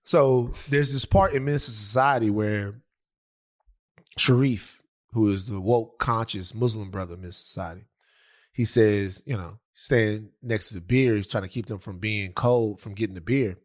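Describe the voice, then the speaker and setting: A man's voice: fairly low pitch, normal speed. A man co-hosting a casual chat, telling a story with lots of laughter, acting out the people he quotes. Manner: animated, laughing, acts out quotes, profane. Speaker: podcast co-host. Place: Brooklyn, New York.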